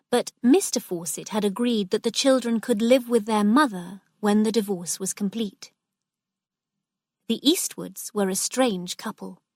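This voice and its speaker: A woman narrating a graded storybook for language learners in a clear, steady way. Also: mid-range voice, dry recording, clean studio sound.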